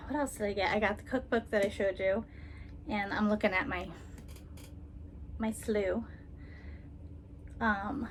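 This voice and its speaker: Slow, rambling woman vlogger. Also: a little high, slight background noise. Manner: slow, rambling, with frequent ums and soft laughs. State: emotional, holding back tears. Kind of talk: casual personal vlog.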